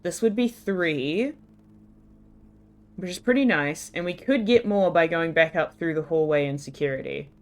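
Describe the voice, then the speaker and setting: A woman's voice: on the low side, lively intonation, moderate pace. A young woman from New Zealand with a New Zealand accent that slips toward American R's, chatting and giggling with her chat as she streams a game. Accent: New Zealand, with some American-sounding R's.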